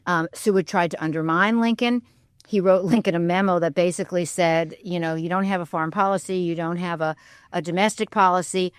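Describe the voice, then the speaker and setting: A woman's voice: on the low side, fairly even intonation, fairly quick, clear, resonant tone, dry recording, clean studio sound. A woman historian speaking as a guest on a radio interview, thoughtful and candid, often weighing her views with "I think.". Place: radio studio.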